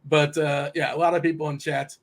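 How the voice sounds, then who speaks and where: A man with a slightly raised pitch hosts a loose sports betting chat. He teases his guests with a playful edge and rattles off lineups at an easy clip, sounding relaxed and engaged. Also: fairly quick, gravelly. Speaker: host.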